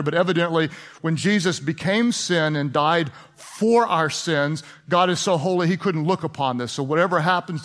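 A pastor with a high voice for a man delivers a sermon like a chat with his congregation. He fires questions at the crowd and slips into playful sarcasm.

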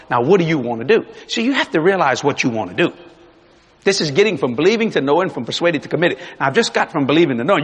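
A man preaching a sermon as pastor, animated, swinging between loud and hushed. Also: fairly high pitch, husky. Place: large church hall. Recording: long reverb of a large hall.

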